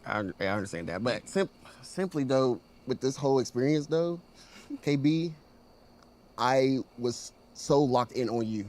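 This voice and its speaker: Brief: man contestant, mid pitch, halting, stammers, defensive. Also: expressive, darkish tone. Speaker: reality show contestant. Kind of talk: reunion conversation.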